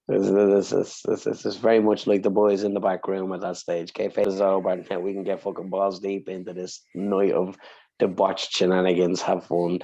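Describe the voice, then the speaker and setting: A man on a podcast telling an emotional personal story, swearing freely and speaking with deep feeling. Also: gravelly, a little mellow, muffled recording. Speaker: podcast co-host.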